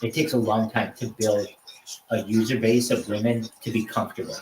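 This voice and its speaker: A man hosting a casual livestream, talking loosely about dating apps and greeting strangers with loud, repetitive enthusiasm. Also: fairly low pitch, little pitch movement, fairly quick, a little hiss or hum. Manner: hyped, greets strangers loudly, repeats himself. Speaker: livestream host. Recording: echoey room, mic at a distance.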